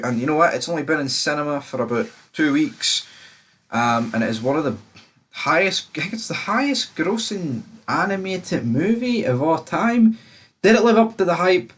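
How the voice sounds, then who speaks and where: A man's voice: medium pitch, a bit bright, slightly rough. A man with a Scottish accent reviewing a movie in a rambling casual chat, swearing freely. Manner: rambling, swears freely, frequent fillers and restarts.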